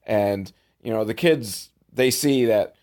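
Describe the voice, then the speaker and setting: A man hosting a sarcastic comedic movie recap, with wry, deadpan asides, casual swearing and chuckles. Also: on the low side, takes it slowly. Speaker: show host recapping a film.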